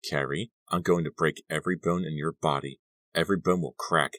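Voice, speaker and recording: Male reader doing a venomous, machine-like female caller for a storybook; harsh, slow, menacing, very deep. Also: steady tone, a bit bright, no room sound. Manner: slow, threatening.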